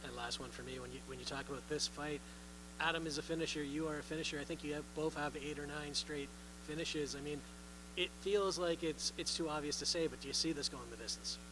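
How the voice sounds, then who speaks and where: A male reporter with a fairly high voice fires off direct questions at a rapid clip. An audible hum sits beneath his voice. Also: steady tone. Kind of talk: interview questions.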